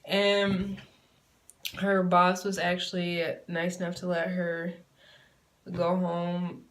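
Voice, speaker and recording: A woman's voice: on the low side, monotone, takes it slowly, distant mic, a little hiss or hum. A woman vlogger telling a personal story in a rambling, heartfelt and candid way. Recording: roomy sound from away from the mic.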